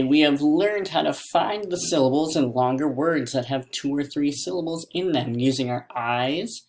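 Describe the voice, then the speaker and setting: A man teaching a classroom mini lesson, stretching words out slowly syllable by syllable. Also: mid-range voice, a little mellow.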